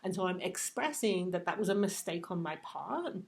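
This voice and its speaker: A woman's voice: lowish voice, lively intonation, moderate pace, creaky. Woman explaining parenting tips. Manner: explanatory, tags points with "right?"; acts out parent and child phrases. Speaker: parenting educator. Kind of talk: talking-head parenting advice.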